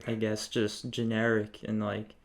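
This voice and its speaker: A man co-hosting a podcast in relaxed casual chat, mostly giving brief replies. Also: fairly low pitch, a little slow, vocal fry, a crowd in the background. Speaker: podcast co-host.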